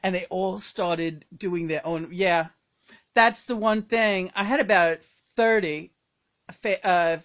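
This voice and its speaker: A woman channeling the spirit of a dead uncle, gossipy and crude with casual swearing. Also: takes it slowly. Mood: chatty. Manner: gossipy, swearing, low-key. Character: deceased uncle's spirit, older man, chatty and crude.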